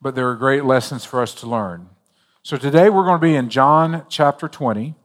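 Joking pastor preaching in a reverberant hall. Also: male voice, mid-range voice, normal speed. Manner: conversational, joking storyteller. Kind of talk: sermon.

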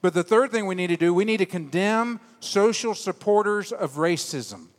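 Man, pastor, sermon, animated, quiet emphatic drops, long church reverb. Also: sits high, normal speed. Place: church sanctuary.

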